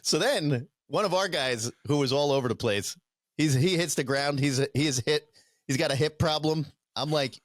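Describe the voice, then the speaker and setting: A man's voice: a little high, normal speed, no room sound, clean studio sound. A man co-hosting a podcast who tells rambling, profane stories and laughs through them. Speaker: podcast co-host, youth football coach. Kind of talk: casual chat, storytelling.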